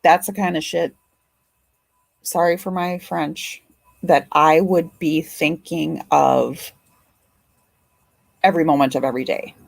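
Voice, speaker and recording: Woman host, grandmother, casual live chat, drawn-out unhurried delivery, heartfelt and talkative. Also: deep voice, fairly even intonation, creaky, dry recording, low-quality recording. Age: older. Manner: emotional, chatty, swears and apologizes. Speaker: livestream host.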